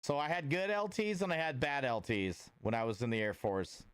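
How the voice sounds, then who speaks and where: A man's voice: mid-range voice, moderate pace, a bit bright, smooth, dry recording, studio quality. A man chatting casually with viewers on a livestream, rambling with lots of filler words and greeting people by name. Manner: laid-back and friendly, greeting viewers by name.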